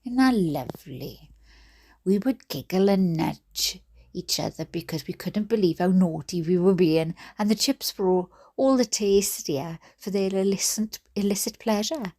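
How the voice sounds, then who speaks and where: A woman's voice: medium pitch, animated, a little slow, a little mellow. A Welsh woman reading a book aloud, breaking off into giggly, chatty asides. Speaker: reader.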